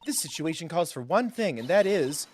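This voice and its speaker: A man's voice: a little high, very animated, normal speed, slight background noise, voice pushed up. A man voicing an upbeat teenage girl who loves forensic science, in a raised, earnest voice while reading a game aloud. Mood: eager.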